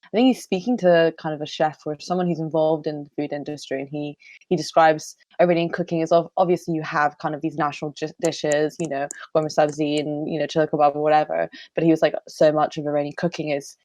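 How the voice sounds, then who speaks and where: A woman's voice: deep voice, flat delivery, quick pace, darkish tone, no echo. A young woman chatting on a podcast, laughing often and playfully quoting her relatives. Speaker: podcast guest. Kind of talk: casual chat.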